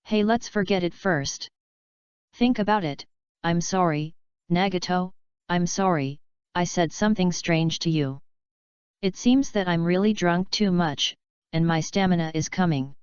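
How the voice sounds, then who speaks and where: A woman reading the part of a reserved, sleepy young woman ninja, soft and unhurried. Her voice sits fairly low and very clear, in a dry, slightly dull recording. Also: no room sound, close to an everyday voice. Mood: drowsy.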